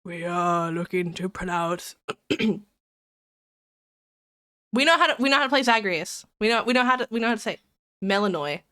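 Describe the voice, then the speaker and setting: A woman's voice: fairly high pitch, lively intonation, brisk, long pauses, pushed and bright. A woman streamer chatting casually to her viewers, rambling and giggly, while sick with a cold. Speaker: live streamer. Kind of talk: casual live-stream chat.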